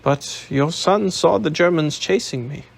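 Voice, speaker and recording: A man's voice: fairly high pitch, a little slow, creaky, voice pushed up. A man reading an audiobook, voicing a proud young Austrian nobleman who speaks formally and indignantly. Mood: earnest, indignant.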